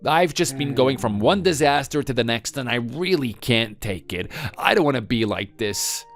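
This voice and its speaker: A man's voice: medium pitch, lively intonation, normal speed, faint music behind, close to an everyday voice. A man playing a bitter, drunk adult son who blames his mother for his failures in an accusing, self-pitying way. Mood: resentful. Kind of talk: dramatized family story reading.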